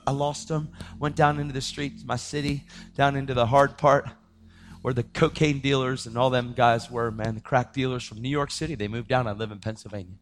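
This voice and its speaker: A man preaching his testimony in a dramatic storytelling style, swinging between loud outbursts and hushed tones. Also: medium pitch, steady tone, a little fast, a little hiss or hum. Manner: acts out the voices of people in his story. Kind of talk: testimony sermon.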